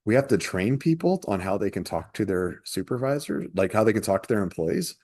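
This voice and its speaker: A man co-hosting a podcast from a shared office, talking through workplace problems in a casual, animated way on a headset mic. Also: lowish voice, fairly quick. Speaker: podcast co-host.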